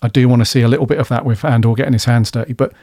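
A man's voice: mid-range voice, steady tone, very fast, darkish tone. A man in easygoing podcast conversation, talking through a TV episode in a loose, rambling way. He swears casually and laughs along as he goes. His voice sits close and dry, with no room echo around it. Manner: laid-back and chatty, swears freely, laughs often. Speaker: podcast co-host reviewing a TV episode. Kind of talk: casual chat.

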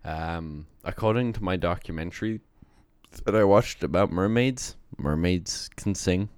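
A man's voice: sits low, a little slow, a little mellow, no room sound. A man co-hosting a casual podcast chat, trading wry, offhand jokes.

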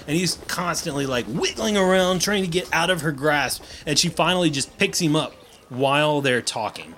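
A man's voice: on the high side, normal speed, slight background noise. A man narrating a tabletop role-playing session as game master, describing scenes and voicing townsfolk. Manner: animated, acts out characters.

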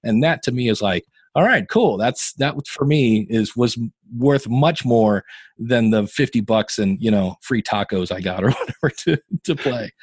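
A man's voice: on the low side, moderate pace, breathy edge, no room sound. A man in his fifties from Ohio, telling stories in a casual interview as a podcaster and guitarist. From Northeast Ohio. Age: 50s. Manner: chatty storyteller, animated quoting of others.

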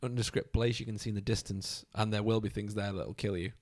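A man's voice: fairly low pitch, fairly even intonation, quick pace, a little mellow, no room sound, studio quality. A man chatting casually about a video game, enthusiastic and swearing freely.

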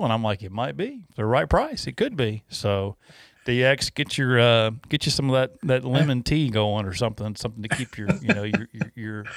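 A man chats casually as a podcast host, his talk rambling and full of laughs and restarts. His pitch sits in a plain middle range. The sound is dry and close, with no room around it. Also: fairly bright tone, no echo. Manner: rambling, laughing, self-interrupting.

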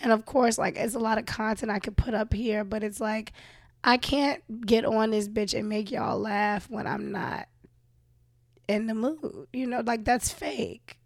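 A woman's voice: on the high side, unhurried, gravelly, no room sound, clean studio sound. A young woman host with a cough, venting candidly and profanely to her listeners in a casual monologue. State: sick with a cough. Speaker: show host.

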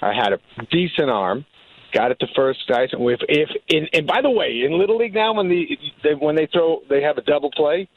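A middle-aged guest with a New England accent tells stories in casual chat, animatedly putting on his parents' voices. His voice is on the high side and brisk, with no room sound and narrow, tinny audio.

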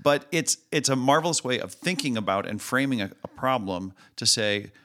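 A man's voice: mid-range voice, expressive, normal speed, a bit bright. A man co-hosting a podcast, talking enthusiastically and laughing easily. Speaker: podcast co-host. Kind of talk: casual podcast chat.

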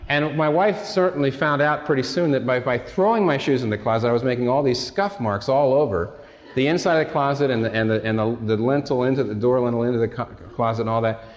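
A man's voice: mid-range voice, fast. A male pastor preaching a sermon in a conversational, storytelling way, with self-deprecating asides. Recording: long hall reverb.

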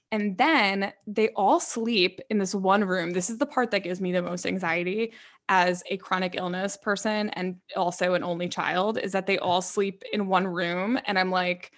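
A woman's voice: medium pitch, fairly bright tone. A young woman co-hosting a podcast, chatting casually in a bubbly way with many fillers. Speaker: podcast co-host. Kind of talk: casual chat.

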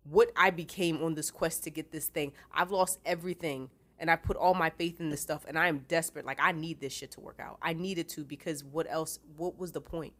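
Lady podcaster, chill slangy book chat, lowish voice, gets worked up. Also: a little fast, hardly any pauses. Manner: animated, slangy, retells scenes in quoted voices. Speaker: podcast co-host. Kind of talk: casual book discussion.

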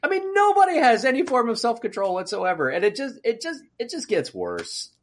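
A man in casual podcast chat, his pitch swooping widely as he rants. He acts out exasperated outbursts and gets worked up easily. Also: huge pitch swings, fairly quick. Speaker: podcast co-host.

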